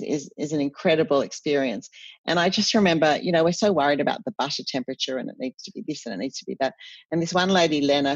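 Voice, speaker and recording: A woman's voice: deep voice, no room sound. Chatty woman telling stories. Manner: warm, animated storyteller with self-corrections. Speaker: cookbook author guest. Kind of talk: chatty storytelling in an interview. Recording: dull, dry podcast audio.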